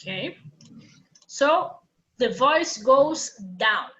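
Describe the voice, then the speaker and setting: A woman teaching an English class live online, her voice high and bright. She speaks slowly and walks her students patiently through each point. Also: animated, lo-fi sound. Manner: patient, explains step by step.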